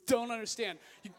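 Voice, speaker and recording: A young man preaching an energetic youth sermon, often shouting his exhortations, with personal stories and playful asides. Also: extremely high pitch, slightly rough. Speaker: youth pastor. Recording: echoey hall.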